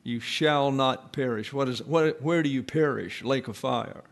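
A man preaching an expository sermon, teaching slowly and deliberately and repeating key phrases for emphasis. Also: mid-range voice, vocal fry.

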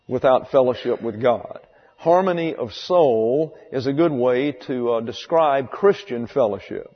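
A pastor giving a conversational sermon, repeating key phrases for emphasis. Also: male voice, medium pitch. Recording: dull lo-fi sound with long hall reverb.

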